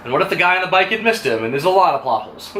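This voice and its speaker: A man hosting a casual review vlog, retelling scenes with quick animated chatter and acted-out quotes. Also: sits high. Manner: fast, animated retelling with quoted lines and laughs. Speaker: vlog host reviewing a TV episode. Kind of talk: casual chat. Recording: echoey room with faint noise.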